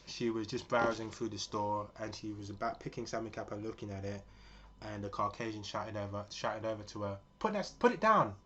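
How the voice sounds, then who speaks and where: A man in his forties talks earnestly in a loose, rambling monologue full of fillers. His voice sits a little low. The recording is dull and lo-fi with faint background noise. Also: completely flat delivery, fairly quick, fairly bright tone. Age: 40s. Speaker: vlogger. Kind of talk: casual spoken monologue.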